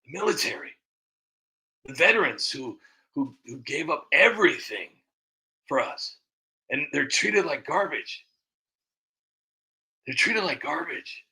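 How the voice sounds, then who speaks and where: A man hosting his own show talks in a loose, rambling monologue. His voice is gravelly and very bright, and sits a little high for a man. He presses his points hard and often repeats words. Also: very animated, unhurried, long pauses. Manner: rambling, emphatic, repeats himself. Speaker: show host. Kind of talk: casual monologue.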